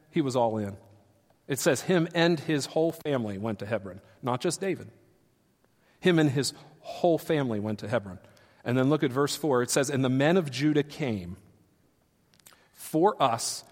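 A man preaching a sermon as pastor, shifting from quiet explanation to loud, animated retellings. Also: medium pitch, moderate pace, big-room sound. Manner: swings from quiet teaching to loud, animated acted-out quotes.

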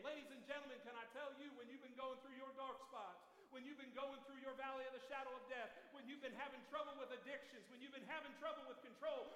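A man pastor delivering an impassioned, rhetorical sermon that builds to shouts, at a morning church service. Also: very high voice, steady tone, fast, few pauses. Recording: echoey, reverberant hall.

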